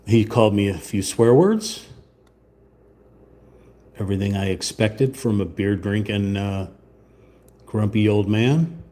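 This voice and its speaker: Slow, sarcastic man with a low voice. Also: mellow. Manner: sarcastic, rambling, mock-indignant. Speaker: channel host. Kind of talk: casual live-stream chat while painting.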